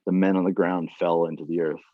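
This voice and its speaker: A man reading his own fiction aloud at an online reading series, plain and unhurried, with casual asides between chapters. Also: low voice, little pitch movement, no room sound. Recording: dull, dry lo-fi sound.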